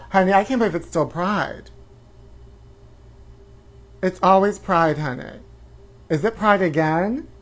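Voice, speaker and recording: A man's voice: a little high, natural voice. A man playing a self-absorbed woman hosting a trashy tabloid talk show, drawling honey at everyone and breaking into whooping shrieks. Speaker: host. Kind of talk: campy comedic live-stream character.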